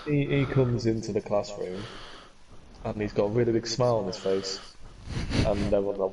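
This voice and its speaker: A young man co-hosting a podcast, telling stories in an animated, laughing way. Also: lowish voice, normal speed, crowd noise. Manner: animated storyteller, laughs loudly. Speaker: podcast co-host. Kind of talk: casual chat. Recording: distant mic with background noise.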